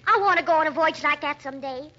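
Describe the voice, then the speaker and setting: An actress playing an eager young tomboy who pleads to go to sea in a radio drama, from a dull old radio recording. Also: female voice, high voice, fast talker, bright, forceful tone. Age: young adult. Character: eager young tomboy heiress, adventure-hungry.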